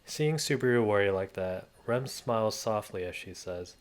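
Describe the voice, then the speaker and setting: A man's voice: on the low side, expressive, moderate pace. A man reading a translated novel aloud as an amateur reader, plainly and a little hesitantly.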